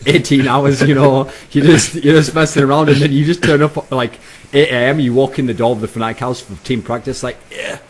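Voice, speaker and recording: A man's voice: medium pitch, fairly even intonation, fairly quick. A young British man hosting a casual chat show, rambling and profane, mocking others and slipping into silly voices. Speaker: podcast host.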